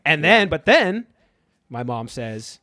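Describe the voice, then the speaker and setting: A man's voice: a little high, sing-song, slow, bright, forceful tone, dry recording, clean studio sound. A man on a podcast, a therapist talking casually and animatedly, slipping into voices of people he quotes and swearing now and then. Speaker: therapist guest.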